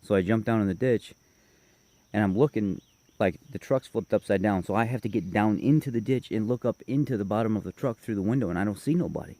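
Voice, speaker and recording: A man's voice: fairly low pitch, fast, mellow, dry recording. A man casually telling a long personal story, rambling and correcting himself as he goes. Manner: rambling, self-correcting, detailed.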